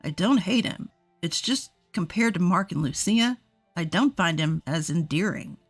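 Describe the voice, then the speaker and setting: A cold husband speaks in clipped, dismissive lines, lower and quieter than the storyteller around him, as a woman puts him on. He sounds fed up and shuts every request down. Soft music plays faintly underneath. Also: animated, moderate pace, breathy edge, exaggerated voice. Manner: curt, brushing off.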